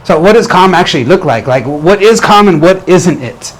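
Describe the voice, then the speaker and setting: A man's voice: high voice, lively intonation, moderate pace. A man giving an earnest motivational talk as a relationship coach, often restarting and repeating phrases.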